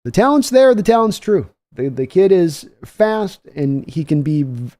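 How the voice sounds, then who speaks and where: Man, live stream host, casual play-by-play, mellow warm voice, chatty. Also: sits high, very animated, measured pace. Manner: chatty, thanks donors between plays. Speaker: livestream host giving play-by-play reaction.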